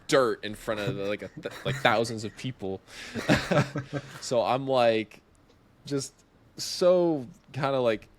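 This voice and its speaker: Against a noisy background, a young male podcast guest tells a story slowly at medium pitch. He's casual and animated, laughing a lot and playing out what others said.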